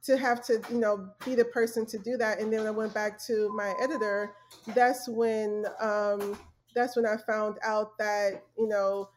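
A woman's voice: medium pitch, little pitch movement, unhurried, background noise. An earnest young adult woman telling her story in a casual interview, with fillers and restarts. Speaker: guest, former journalist.

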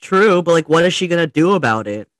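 A man's voice: fairly high pitch, animated, fast, fairly bright tone, dry recording. A man co-hosting a podcast in casual chat, with a wry, sarcastic way of talking. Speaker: podcast co-host.

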